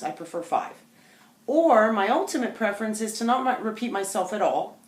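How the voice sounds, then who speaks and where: Calm woman dog trainer, mid pitch, explains step by step to camera; roomy echo. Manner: calm, explanatory, talks directly to viewers. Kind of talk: instructional demonstration to camera. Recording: echoey room.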